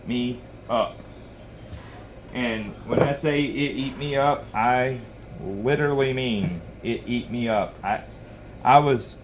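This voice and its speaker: A man with a drawl spins a hunting yarn in casual, meandering fashion, circling back and restarting his sentences. His voice sits at an ordinary middle pitch. A faint noise runs underneath the recording. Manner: rambling, folksy, lots of you-knows and restarts. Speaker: knife sharpening channel host. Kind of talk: casual storytelling while sharpening.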